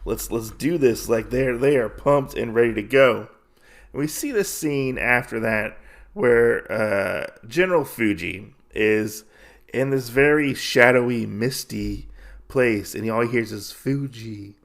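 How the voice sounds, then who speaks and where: A man hosts a podcast and recaps a comic in a loose, rambling way, with many fillers. His voice is gravelly and sits at an ordinary middle pitch. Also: unhurried, fairly bright tone. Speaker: podcast host. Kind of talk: casual comic-book recap.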